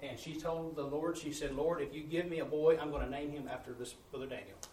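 A man's voice: fairly high pitch, fairly even intonation, fast, a little mellow, slight background noise. A man, a missionary preacher telling testimonies in a folksy sermon style, acting out the dialogue. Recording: echoey room, distant mic, faint ambience.

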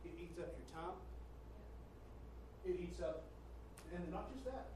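A man preaching as pastor to his congregation, reading quotes slowly and loudly with a preaching cadence. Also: high-pitched, animated, background noise. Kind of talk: sermon. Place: church sanctuary. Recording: echoey church from far off.

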